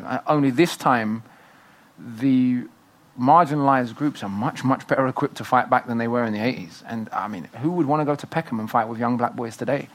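Man in his thirties, fast animated guest, punchy delivery, mid-pitched. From Britain. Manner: fast, animated, emphatic storytelling. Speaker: author and guest. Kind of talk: festival talk interview.

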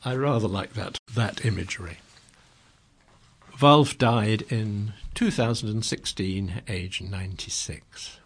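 A man's voice: lowish voice, slow pace. A man hosting a community radio programme, talking casually and hesitantly with many ums and restarts as he introduces recordings. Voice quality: creaky, husky. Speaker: radio presenter.

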